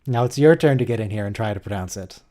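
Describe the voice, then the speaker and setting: American guy hosting a watch-along stream, warm dark tone, teasing and joking around. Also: lowish voice, animated, quick pace. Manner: teasing, playful coaching of pronunciation. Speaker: host. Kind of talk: casual live watch-along chat.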